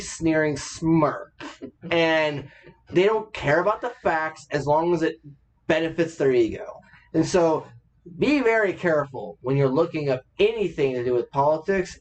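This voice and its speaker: A man's voice: fairly high pitch, expressive, normal speed. A man co-hosting a podcast, chatting casually as an opinionated storyteller who swears freely. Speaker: podcast co-host. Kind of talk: casual chat.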